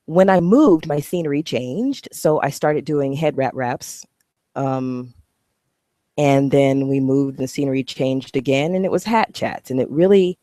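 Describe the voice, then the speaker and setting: A woman's voice: low voice, mellow, no room sound, clean studio sound. A woman vlogging to camera, talking bluntly and animatedly, swearing freely. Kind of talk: casual talking-head vlog.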